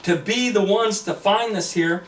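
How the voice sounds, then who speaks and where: A man voicing an excitable young man in a story he tells, reading his lines in his own storytelling voice. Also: high-pitched, unhurried, a little hiss or hum. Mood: thrilled. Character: eager young man, nostalgic fan. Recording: echoey room, distant mic.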